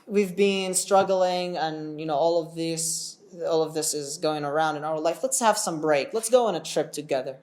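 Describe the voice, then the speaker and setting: A man voicing a calm, protective brother who reassures in a casual, soothing way. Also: on the high side, normal speed, hardly any pauses, natural voice. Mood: reassuring.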